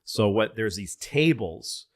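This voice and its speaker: A man's voice: fairly low pitch, expressive, takes it slowly, dry recording, clean studio sound. A male comedian and podcast host telling rambling, profane stories in casual chat, often restarting his sentences.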